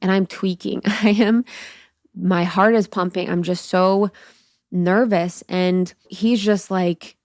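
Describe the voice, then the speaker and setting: A woman's voice: on the low side, fairly even intonation, slow, darkish tone, no echo, clean studio sound. A woman in her thirties hosting a solo podcast, telling a personal story candidly and expressively, swearing freely and acting out her own thoughts. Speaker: podcast host.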